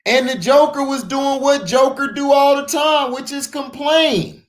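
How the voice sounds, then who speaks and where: A man hosting a casual sports livestream, breaking into loud shout-outs to his chat viewers. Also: very high-pitched, fairly even intonation, measured pace. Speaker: sports talk livestream host.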